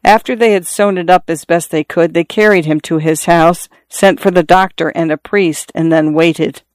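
Smooth, measured audiobook narrator. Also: medium pitch, no echo. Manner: measured, steady storytelling. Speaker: audiobook reader. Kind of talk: scripted narration of a classic short story.

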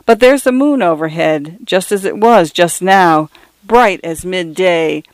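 Man putting on a feeble flustered little man, storybook figure, homely ungrammatical talk, high voice, dry sound. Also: a little slow, no echo. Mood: bewildered. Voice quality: feeble, small voice. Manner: plain-spoken, homely, ungrammatical speech. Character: flustered small ordinary man, bewildered and anxious.

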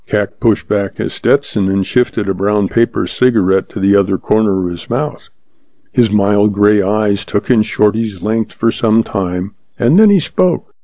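A man narrating a western novel as an audiobook, in a steady, unhurried reading. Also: fairly low pitch, no echo, dull audio.

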